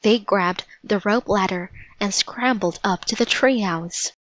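A woman narrating a storybook in a measured, vivid read-aloud manner. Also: mid-range voice, no room sound, lo-fi sound.

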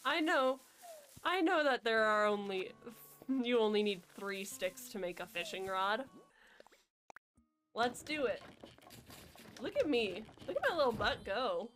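A woman's voice: fairly high pitch, very animated, a little slow, pauses often, fairly bright tone, soft background music. A woman streaming a video game, chatting casually and playfully with her viewers in a jokey, rambling way. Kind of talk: casual gameplay chat.

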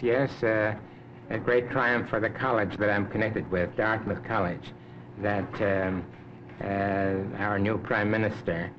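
An older man in his seventies with a lowish voice, giving slow, measured answers broken by pauses and fillers. The recording is dull and lo-fi, from the 1950s. A clear hiss runs under every word. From Canada. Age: 70s. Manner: measured, unhurried, many hesitations. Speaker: interview guest, Arctic explorer. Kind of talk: unscripted interview answers.

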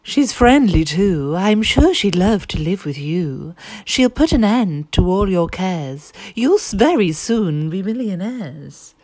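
A woman voicing a friendly farmyard duck in a storybook, bright and encouraging. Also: medium pitch, sing-song, slow, few pauses, no echo, voice pushed up.

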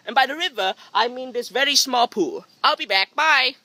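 At a moderate pace and an extremely high pitch, a male vlogger speaks in a dry recording made on his phone's front camera beside a private pool outdoors. His rambling, comedic monologue runs on sarcastic, deadpan, jokey self-mockery.

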